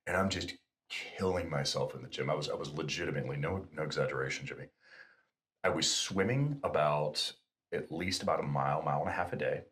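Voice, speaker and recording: A middle-aged man, a guest, telling stories in a casual, animated way and acting out the quotes. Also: a bass voice, fairly quick. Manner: animated storyteller, acts out quotes. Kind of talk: casual storytelling.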